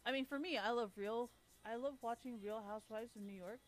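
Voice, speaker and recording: Speaking briskly in a voice on the high side, a woman livestreamer launches into a profane, ranting monologue. She is blunt and sarcastic and swears nonstop.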